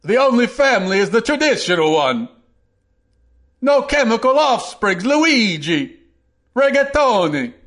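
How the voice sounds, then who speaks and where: A man's voice: extremely high pitch, very animated, measured pace, a bit bright, pitched above the performer's own voice, heavily acted. A man voicing an exaggerated comic Italian-accented man, mocking and over the top.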